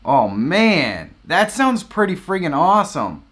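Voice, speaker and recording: A man's voice: on the high side, lively intonation, moderate pace, a bit bright. A man hosting a live stream, greeting viewers by name with upbeat enthusiasm and the occasional whoop.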